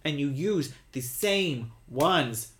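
A man's voice: a little high, lively intonation, slow pace, background noise. A tipsy man co-hosting a podcast, ranting bluntly and swearing in casual chat. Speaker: podcast co-host.

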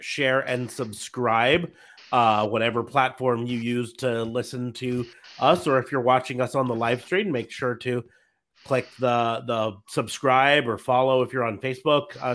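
A man in his thirties hosts a loose podcast chat, winding down the episode. He talks in an easygoing, meandering way, full of fillers and restarts. His voice sits at an ordinary middle pitch. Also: normal speed. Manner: relaxed, rambling with many fillers. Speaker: podcast host.

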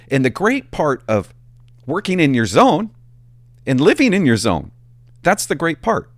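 A man, a former police officer telling stories in a casual, animated and profane way. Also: on the high side, unhurried, pauses often, no room sound. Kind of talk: casual storytelling to camera.

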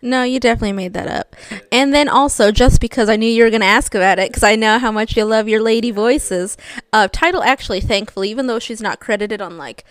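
A woman's voice: on the high side, quick pace, clear, resonant tone, no echo. A young woman co-hosting a casual podcast, chatty and upbeat, often laughing as she talks. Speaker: podcast co-host.

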